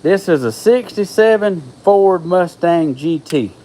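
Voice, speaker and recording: A man, chatting casually with viewers on a live stream, folksy and excitable. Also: high-pitched, measured pace, slight background noise, rough recording. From Georgia, US. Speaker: livestream host.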